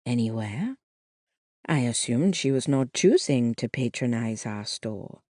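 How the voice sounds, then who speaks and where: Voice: mid-range voice, lively intonation, a little slow, darkish tone, dry recording, studio quality, voice pushed down. A narrator doing a guarded old French shopkeeper. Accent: faint French. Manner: polite, guarded, with French phrases. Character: older French woman shopkeeper, weary, wary.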